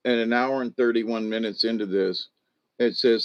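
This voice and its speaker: A man's voice: medium pitch, steady tone, smooth. An older man talks to his channel in a loose, rambling manner. He trips over his words and starts over often, with a mid-range voice. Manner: halting, restarts often, chuckles. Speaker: channel host. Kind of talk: casual rambling storytelling.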